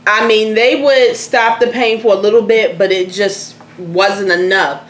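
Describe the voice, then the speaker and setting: A woman's voice: mid-range voice, measured pace. Candid woman telling a story. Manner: candid, animated, swears freely. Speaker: host. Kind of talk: casual storytelling chat. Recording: echoey room, faint noise.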